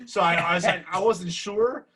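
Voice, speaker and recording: A man's voice: high-pitched, moderate pace, heavy background noise. A man co-hosting a podcast, joking crudely and mocking in exaggerated casual chat. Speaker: podcast co-host.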